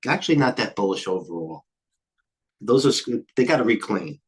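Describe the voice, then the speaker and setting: An older man hosting a live trading stream, talking quickly and jumping between stock tickers, a little out of breath. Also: on the low side, sing-song. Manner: rapid, scattered, jumps between tickers. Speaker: trading show host. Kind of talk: live market commentary.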